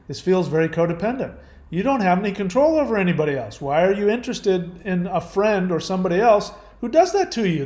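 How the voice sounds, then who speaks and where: Blunt, profane older man in a roomy echo. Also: high-pitched. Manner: blunt and profane, with sharp rhetorical questions; trails off and restarts often when musing. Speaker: channel host answering viewer questions. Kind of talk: casual advice monologue.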